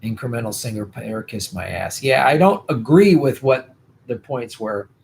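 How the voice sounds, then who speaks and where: A man's voice: mid-range voice, lively intonation, moderate pace, gravelly, a little mellow, slight background noise. A male host chatting casually on a political livestream, rambling and swearing, tired and losing his voice.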